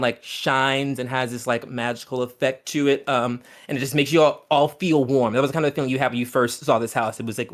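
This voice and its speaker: A man's voice: medium pitch, fairly bright tone. A man narrating a tabletop game as game master, casual and full of ums and uhs.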